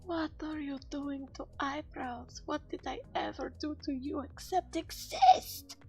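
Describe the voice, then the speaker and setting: A woman voicing her own drawn female character, who complains in a high, offended whine. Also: fairly even intonation, measured pace, creaky, dark tone, soft background music. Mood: indignant.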